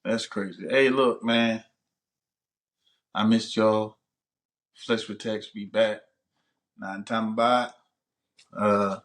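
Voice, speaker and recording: A man's voice: on the low side, fairly bright tone. A man hosting a casual vlog, joking around in loose, laid-back slang. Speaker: vlog host. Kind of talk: casual chat to camera.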